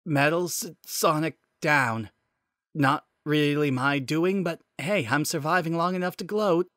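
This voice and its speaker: A man's voice: on the high side, fairly bright tone, no echo, clean studio sound, pitched above the performer's own voice. A man voicing a damaged male robot agent who stutters and breaks off mid-word, as if his signal keeps failing. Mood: strained, broken. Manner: halting, glitching stutter.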